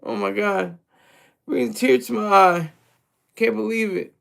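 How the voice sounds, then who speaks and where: Streamer type: man with a high, gravelly voice, crude and mocking, rambling livestream rant. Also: unhurried, fairly bright tone.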